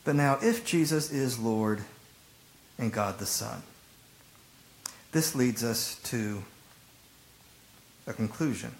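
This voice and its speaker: A man preaching a sermon as a pastor, retelling stories with lively emphasis and acted-out quotes. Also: mid-range voice, takes it slowly, vocal fry, pauses often, poor audio. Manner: animated storytelling, acting out rhetorical quotes.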